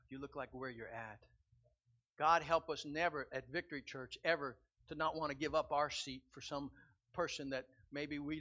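A man preaching a sermon as pastor, building from quiet reflection to loud, emphatic repetition. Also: a little high. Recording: dull lo-fi sound.

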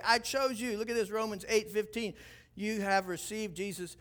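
A man preaching a sermon, telling a personal story with animated shifts between hushed, tense passages and rising emphasis. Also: normal speed. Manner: animated storytelling, drops low and quiet for tense moments, then rises and preaches. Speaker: pastor.

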